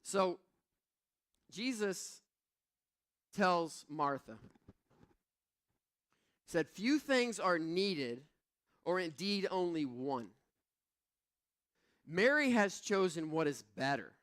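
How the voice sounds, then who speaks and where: A middle-aged man preaching a sermon as pastor, telling personal stories in a conversational way that moves between hushed reflection and emphatic points. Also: high voice, very animated, extremely slow, pauses often.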